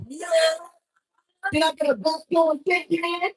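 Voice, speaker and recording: A woman's voice: mid-range voice, unhurried, long pauses, warm tone, breathy edge, poor audio. A woman hosting a live poetry show on stage into a handheld mic, with loose, profane banter and frequent laughs. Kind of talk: casual live emcee banter.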